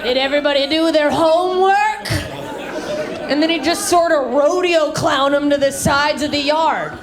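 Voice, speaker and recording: A woman from the American South doing a live stand-up comedy set on a handheld stage mic, brash, swinging her voice high and low for punchlines. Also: normal speed. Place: live comedy venue with audience. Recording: live show with crowd laughter. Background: audience laughter.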